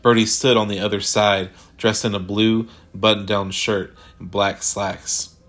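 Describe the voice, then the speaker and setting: A man reading a sci-fi horror short story aloud in a measured, deliberate way. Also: on the low side, flat delivery, fairly bright tone. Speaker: narrator. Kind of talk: scripted horror story narration.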